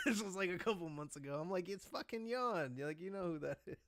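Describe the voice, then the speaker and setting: A man's voice: sits high, fast, a crowd in the background. A young man co-hosting a casual chat, rambling, swearing and laughing often. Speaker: podcast co-host.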